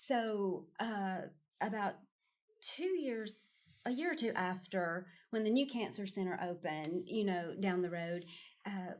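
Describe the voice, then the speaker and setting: A woman's voice: medium pitch, a little slow, a little mellow. A middle-aged woman, a podcast guest telling a personal story in casual conversation, earnest and full of restarts. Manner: earnest, storytelling with quoted voices.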